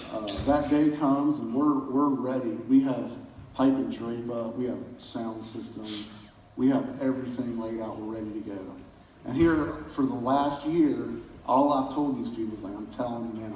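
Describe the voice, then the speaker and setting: A pastor giving a casual church talk, telling folksy stories with chuckles in a community center hall. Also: male voice, medium pitch, steady tone, normal speed, a little mellow, slight background noise. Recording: roomy hall from far off.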